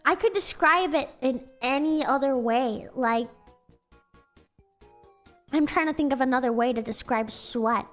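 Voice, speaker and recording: A woman's voice: high-pitched, measured pace, pauses often, a bit bright, faint music behind. A woman with an American accent chatting casually on a livestream, giggly and rambling with lots of "like" fillers.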